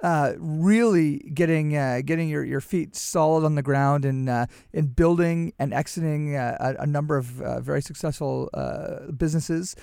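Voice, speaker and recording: Gravelly, halting podcast host man. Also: fairly high pitch, dark tone, no room sound, clean studio sound. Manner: halting, many restarts and "uh"s. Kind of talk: interview questions.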